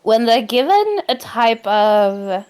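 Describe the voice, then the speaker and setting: A woman narrating as game master of an improvised tabletop game, in a gentle, unhurried way. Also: fairly high pitch, sing-song, clear, resonant tone.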